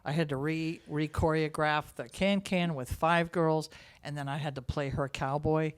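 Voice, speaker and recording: A woman theatre teacher, a guest in a casual chat, telling lively stories from the stage. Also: sits low, moderate pace, smooth. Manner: lively anecdotal storyteller.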